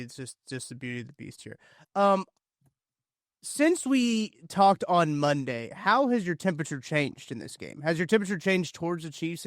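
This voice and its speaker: A man's voice: a little high, no echo, clean studio sound. A man hosting a casual podcast, asking his guest open questions. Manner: conversational, asks open questions. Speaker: podcast host.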